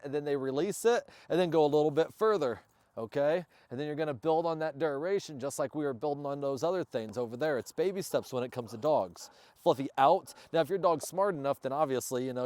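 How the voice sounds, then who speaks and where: A man who handles and trains his service dog, chatting upbeat to viewers of a casual training vlog outdoors and praising the dog loudly. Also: fairly high pitch, no room sound. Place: outdoors, yard or field. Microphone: camera on a stand nearby.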